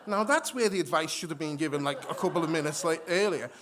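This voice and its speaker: A man telling a story on stage to a live audience, animated, acting out voices and often restarting his sentences. He has moved to Australia from elsewhere. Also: a little high, fast, background noise. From migrated to Australia. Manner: animated, acts out quoted voices, frequent restarts. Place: stage in a hall before an audience.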